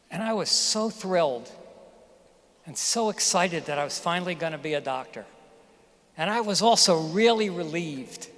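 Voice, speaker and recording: A middle-aged physician giving a graduation speech, telling a personal story in a candid, emphatic way. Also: male voice, on the high side. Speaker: commencement speaker, physician. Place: graduation ceremony hall. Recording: hall reverb from a ceremony venue.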